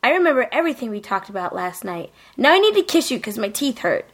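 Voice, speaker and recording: A woman voicing a bratty, whiny young vampire girl, bossy and shrill, in a casual chat. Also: big pitch swings, fast talker, fairly bright tone, full character voice. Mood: teasing. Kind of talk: casual acted quote in chat.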